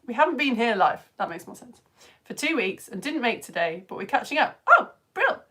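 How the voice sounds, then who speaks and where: A woman's voice: a little high, sing-song, brisk, sharp tone. A woman from the UK teaching a live online science lesson, chatty and enthusiastic, laughing often as she reads out viewer comments. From United Kingdom.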